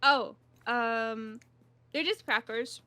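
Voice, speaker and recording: A woman in casual chat, laughing, soft and chatty with a pet. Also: fairly high pitch, drawn-out words, clear, resonant tone, no room sound.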